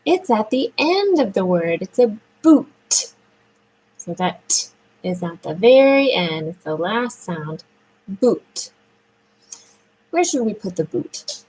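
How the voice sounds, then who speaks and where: Slow, lively sing-song speech therapist woman. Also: medium pitch, husky, low-quality recording. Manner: slow, sing-song praise for a child, drawn-out words. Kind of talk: children's speech lesson.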